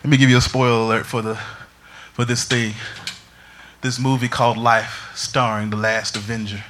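Animated preacher man with bright voice. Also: medium pitch, normal speed, slight background noise. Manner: animated, humorous storytelling preacher. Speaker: pastor. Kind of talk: sermon.

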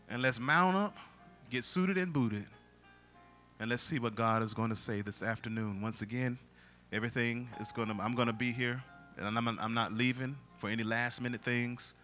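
A man who is a pastor, preaching a sermon and breaking into loud song. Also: mid-range voice. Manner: preaching with bursts of loud singing.

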